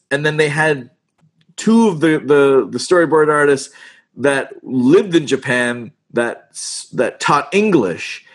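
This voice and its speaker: A middle-aged man, a voice actor, telling stories in a casual interview in an animated, self-deprecating way and acting out the lines he quotes. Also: fairly high pitch, measured pace. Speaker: voice actor guest.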